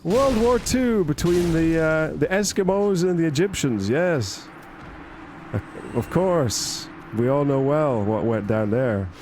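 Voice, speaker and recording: A chirpy, supremely confident chatbot, as a man voices it, speaking in a lifted, sing-song tone. It sounds breezily sure of itself. There is a clear noise hiss under the home recording. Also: fairly high pitch, expressive, slow, a little mellow, pitched above the performer's own voice.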